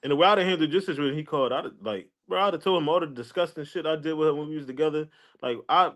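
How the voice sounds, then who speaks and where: A man's voice: a little high, animated, fairly bright tone. A man trading brash, joking stories in casual chat. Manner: fast, brash, laughing banter.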